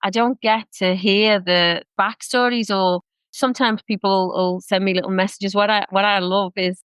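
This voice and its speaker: Gushing woman host with a smooth voice. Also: medium pitch, fairly even intonation, normal speed, fairly bright tone, no echo. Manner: effusive and gushing. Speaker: psychic medium, podcast host. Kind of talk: casual chat.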